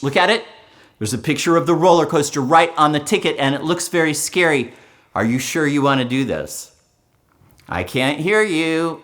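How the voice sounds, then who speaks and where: A man's voice: medium pitch, fairly bright tone. A man running an interactive children's show at a library, playful and full of call-and-response. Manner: playful, call-and-response, big swoops up for effect. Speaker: children's entertainer. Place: public library event.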